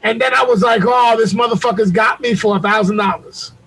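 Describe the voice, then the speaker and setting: Husky high-voiced man telling a heated story. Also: fairly quick, a bit bright, low-quality recording. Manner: profane, heated retelling with acted-out quotes. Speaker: podcast co-host. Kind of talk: animated storytelling. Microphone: video call.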